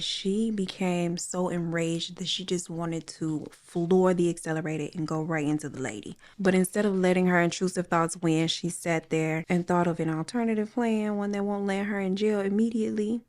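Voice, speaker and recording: A woman with a fairly low voice tells a true crime story in a relaxed, chatty way. She drops casual slang and talks straight to her viewers, like catching up with friends. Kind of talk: casual true crime retelling while coloring.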